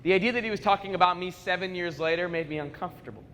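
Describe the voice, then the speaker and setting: A man in his twenties, a motivational speaker, telling stories at a school assembly in an animated, conversational way with comic asides. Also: sits high, very fast, a little hiss or hum. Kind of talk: school assembly keynote storytelling. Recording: echoey school hall reverb.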